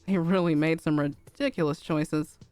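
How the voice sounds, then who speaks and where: A woman's voice: low voice, moderate pace, faint music behind, close to an everyday voice. A woman voicing a cool, aloof young woman who speaks dryly in a fanfic reading. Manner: dry, deadpan. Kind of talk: fanfic read-aloud on stream.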